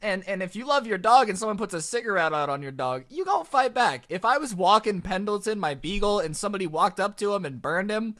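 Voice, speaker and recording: Chatty, animated young man telling a story. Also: sits high, fast, hardly any pauses. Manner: chatty, animated, lots of likes. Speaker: storytime narrator. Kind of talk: casual storytelling over gameplay.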